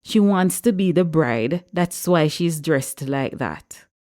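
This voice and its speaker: A woman voicing a jealous, sharp-tongued sister who gossips at a wedding. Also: low-pitched, expressive, takes it slowly. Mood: indignant.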